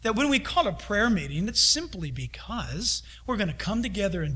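A middle-aged male pastor preaching a lively sermon, acting out the voices of God and his kids as he talks. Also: high voice, moderate pace, few pauses, husky.

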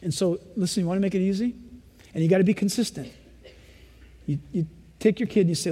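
A male pastor preaching a sermon in an animated style, acting out parents and children as he goes. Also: sits high, fast talker, pauses often, slightly rough, in a large hall.

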